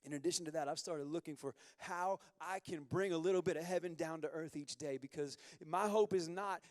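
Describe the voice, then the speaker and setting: A man preaching a sermon as pastor, candid and conversational, moving from quiet confession to loud bursts. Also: fairly high pitch, fairly quick, hardly any pauses, no echo, clean studio sound, big-room sound.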